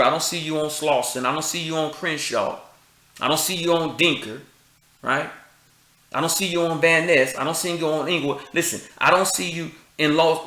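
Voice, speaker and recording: A man's voice: fairly high pitch, pushed and bright, roomy sound. A man, speaking preachy and confrontational, firing rhetorical questions and street slang. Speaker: commentator. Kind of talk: impassioned address to camera.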